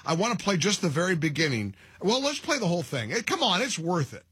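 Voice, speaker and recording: A middle-aged man hosting a talk radio show, mocking and animated, laughing at his own jokes. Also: high voice, fast talker, breathy edge, dry recording, clean studio sound. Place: radio studio.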